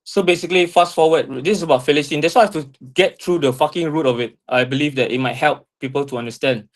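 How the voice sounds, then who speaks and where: A tearful man in an emotional personal monologue, impassioned and profane, full of halting restarts. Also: a little high. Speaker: speaker talking with an AI assistant.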